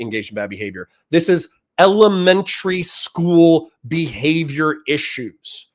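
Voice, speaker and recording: Heated, profane man ranting at chat. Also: medium pitch. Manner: heated, profane, lectures the audience. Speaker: streamer reacting to chat. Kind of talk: ranting political commentary.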